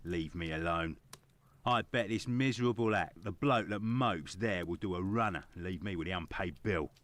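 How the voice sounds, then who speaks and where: Surly, resentful bar patron, grumbling, very deep and dry. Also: male voice, normal speed, a bit bright, dry recording.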